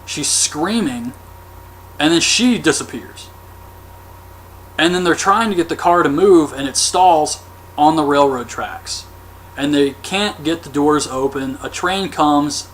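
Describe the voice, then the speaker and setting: A man with a fairly high voice recaps a horror film in a loose, chatty way. He rambles on, dropping "um" and "like" as he goes, with a faint hum in the background. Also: a little slow, long pauses, a bit bright. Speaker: movie reviewer. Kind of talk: casual movie recap vlog.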